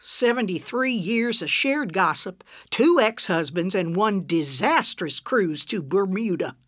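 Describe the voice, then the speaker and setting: A woman doing a prim, deadpan old lady. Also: mid-range voice, unhurried, no echo. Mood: dry. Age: 70s. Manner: dry, prim, deadpan put-downs. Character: prim elderly woman, dry and unflappable.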